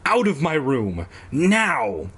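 Dude doing a snippy annoyed big sister, husky voice, lots of swing. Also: male voice, on the high side, wildly swooping pitch, takes it slowly, a bit bright, exaggerated voice. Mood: scolding. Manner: snappy, scolding. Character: sharp-tongued young girl, annoyed big sister.

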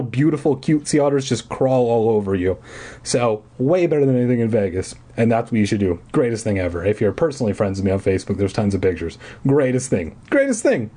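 A man's voice: medium pitch, warm tone, breathy edge. A young man hosting a podcast, rambling casually with profane jokes. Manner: rambling, profane, joking asides. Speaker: podcast host. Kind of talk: comedic reading of a kids' book.

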